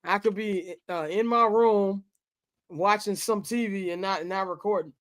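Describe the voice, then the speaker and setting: A brash, joking talk-show host. His voice is high for a man, and he jumps between ribbing his listeners and setting up the next segment. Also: a little slow, a bit bright. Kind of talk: casual talk show hosting.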